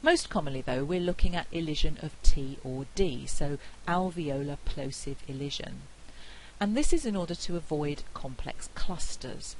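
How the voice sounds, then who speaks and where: A middle-aged woman with a British accent giving a university lecture, explaining clearly and saying example words aloud. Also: sits low, slight background noise, poor audio. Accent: British English. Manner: clear, measured explanation with spoken pronunciation examples. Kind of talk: recorded phonetics lecture.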